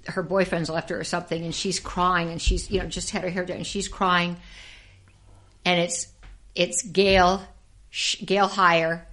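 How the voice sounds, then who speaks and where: An older woman, a former actress and dancer, telling lively anecdotes as an interview guest and acting out the people she quotes. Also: on the low side. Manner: lively storyteller who acts out quoted voices and laughs often. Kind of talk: casual anecdotal storytelling.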